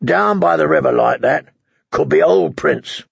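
A man's voice: fairly high pitch, expressive, measured pace, vocal fry, breathy edge, no echo, muffled recording, exaggerated voice. A man reading an audiobook, voicing a spiteful, sneering dog handler. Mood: sneering, bitter. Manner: sneering, scornful.

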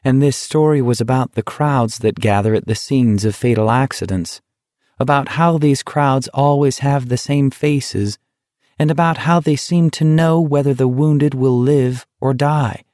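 A male audiobook narrator reading in a steady, measured storytelling voice. He takes his time over every line at an unhurried pace, with a mid-range pitch. The recording is dry and close, with no room sound. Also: no room sound. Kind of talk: scripted narration.

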